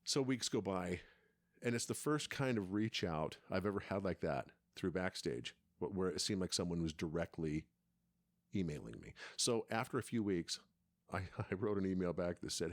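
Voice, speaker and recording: A man's voice: sits low, moderate pace, no echo, clean studio sound. A middle-aged man telling a long story in casual chat, rambling and restarting his sentences often. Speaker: podcast co-host, father.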